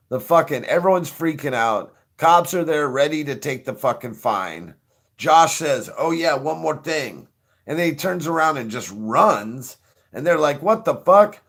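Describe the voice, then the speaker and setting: A man's voice: on the high side, fairly bright tone. Profane, laughing middle-aged male host. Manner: profane, laughs often, rambling. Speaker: show host. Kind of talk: casual joking chat.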